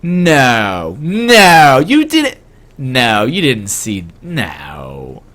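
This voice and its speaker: A man's voice: medium pitch, wildly swooping pitch, very slow, a bit bright, pitched below the performer's own voice, exaggerated voice. A man putting on the voice of an embarrassed middle-aged mother who stammers out flustered denials.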